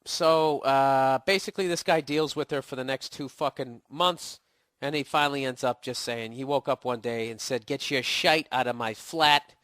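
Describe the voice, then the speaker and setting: Getting over a cold, this Boston-accented podcast host's voice cracks as he rants through listener emails at a moderate pace, full of swearing, sarcasm, and mocking impressions. The voice is medium-pitched, clear, resonant, and fairly bright, recorded dry in clean studio sound.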